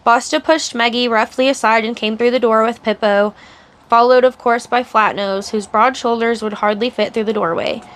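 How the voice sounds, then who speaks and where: A woman narrating a novel aloud on a live stream in a steady storytelling style. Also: on the high side, normal speed.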